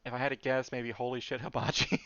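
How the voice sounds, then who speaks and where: A man's voice: mid-range voice, flat delivery, fast, fairly bright tone, clear, resonant tone, no room sound, lo-fi sound. A man streaming as he draws, chatting casually with lots of fillers and muttered asides. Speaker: streamer drawing live. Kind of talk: casual rambling stream chat.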